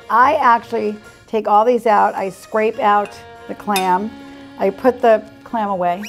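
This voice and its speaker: Chatty, playful woman hosting a cooking show. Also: mid-range voice. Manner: chatty and playful, upbeat asides. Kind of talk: casual cooking demonstration.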